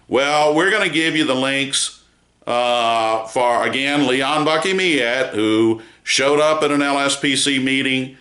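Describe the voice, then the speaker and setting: A man giving a spoken news commentary on a court trial, measured and emphatic, with frequent pauses and fillers. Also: mid-range voice, pushed and bright, reverberant. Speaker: news site founder giving a report.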